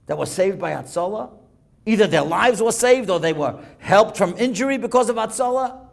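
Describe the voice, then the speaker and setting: A man rabbi tells stories in a synagogue talk, his voice pitched high with a gravelly edge. He speaks in an animated way, reads Hebrew texts aloud and translates them as he goes. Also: brisk. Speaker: rabbi giving a guest lecture. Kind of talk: storytelling sermon. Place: synagogue lecture.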